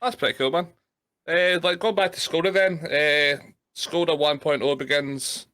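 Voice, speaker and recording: A man hosting a casual interview, asking questions in a relaxed chatty way. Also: a little high, normal speed. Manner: asks questions with fillers and restarts. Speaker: podcast host.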